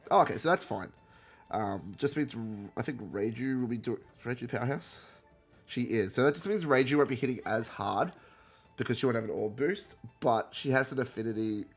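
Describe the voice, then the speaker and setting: A man with a stuffy, nasal voice from being sick talks through a video game in a loose, chatty way. He often stops, corrects himself and wanders off topic. Soft music plays faintly behind him. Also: medium pitch. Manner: rambling, self-correcting, chatty. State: sick with a cold. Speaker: gaming content creator. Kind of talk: casual gameplay commentary.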